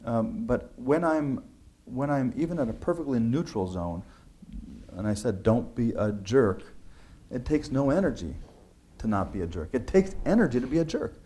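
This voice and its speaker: A man's voice: medium pitch, mellow. A man talking through his book's ideas in an earnest, conversational way, with frequent restarts and filler words. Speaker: author discussing his book. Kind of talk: conversational talk.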